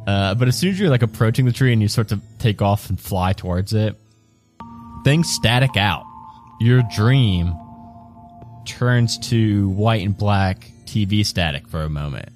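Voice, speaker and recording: Male game master, lowish voice, descriptive narration with frequent laughs. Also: animated, measured pace, darkish tone, soft background music. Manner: descriptive, laughs between lines.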